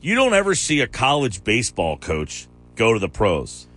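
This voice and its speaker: A man's voice: mid-range voice, huge pitch swings, fairly bright tone. A man hosting a sports radio show, chatting casually and challenging his co-host's claims. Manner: argumentative, quick to challenge.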